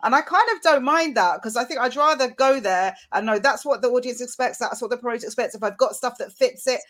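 A woman's voice: on the high side, fast, fairly bright tone. A woman hosting a podcast in an easygoing, chatty way. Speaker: podcast host. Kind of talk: casual podcast chat.

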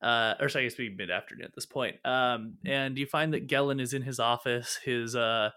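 Halting, relaxed male game master. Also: mid-range voice, clean tone. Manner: relaxed, halting with fillers and self-corrections. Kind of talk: narrating a tabletop game.

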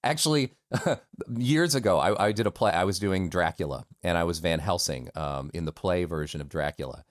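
A man's voice: low voice, moderate pace, dry recording, studio quality. A man from the United States, a voice actor talking candidly and self-deprecatingly as a guest in a casual interview.

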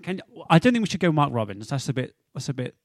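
A man's voice: medium pitch, sing-song, fast talker, no echo. A man co-hosting a football podcast in casual chat, jokey and quizzing, laughing often. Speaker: podcast co-host.

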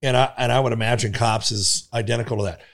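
A man's voice: medium pitch, fast talker. A middle-aged man from Nebraska, a former police officer, telling vivid stories as a guest on a podcast and swearing casually. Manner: animated, vivid storyteller who swears casually. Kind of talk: casual storytelling in a podcast interview.

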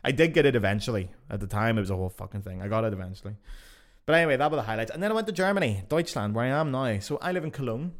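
Fast-talking man telling stories. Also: mid-range voice. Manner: swears freely, animated anecdotes. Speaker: podcast host. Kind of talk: casual storytelling.

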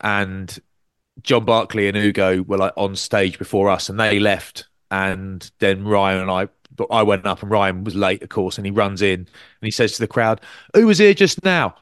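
Telling stories during casual podcast chat, a rugby commentator and co-host acts out quotes with big pitch jumps in an animated way. His speed is normal, and the clean studio sound has a clear tone and no echo.

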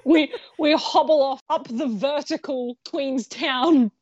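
Animated laughing woman telling a story. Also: high voice, takes it slowly, no room sound, muffled recording. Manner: animated, laughs often, swears casually. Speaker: podcast co-host. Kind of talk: casual storytelling chat.

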